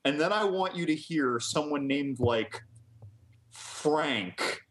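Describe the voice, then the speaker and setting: A man's voice: a little high, animated, slow pace, fairly bright tone, a little hiss or hum. A man co-hosting a podcast in casual chat, rambling and hesitant, laughing at his own riffs. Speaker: podcast co-host.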